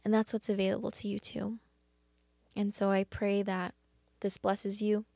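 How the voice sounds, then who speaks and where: A woman hosting a faith devotional talk, speaking earnestly and haltingly with many restarts. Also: mid-range voice, flat delivery, gravelly, dark tone, dry recording. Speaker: podcast host.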